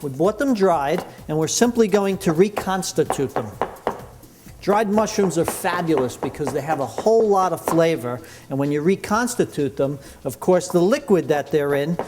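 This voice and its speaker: A man's voice: a little high, animated, moderate pace, background noise. A man leading a cooking demonstration, chatty and enthusiastic as he explains each step in the kitchen. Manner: enthusiastic, chatty, full of praise. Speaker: cooking instructor.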